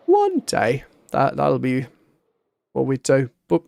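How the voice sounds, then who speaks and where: A man's voice: mid-range voice, wildly swooping pitch, slow pace, vocal fry, darkish tone, dry recording. A man streaming a building game, talking to himself and humming little sound effects as he works. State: hiccuping. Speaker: Minecraft streamer. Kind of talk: casual gameplay commentary.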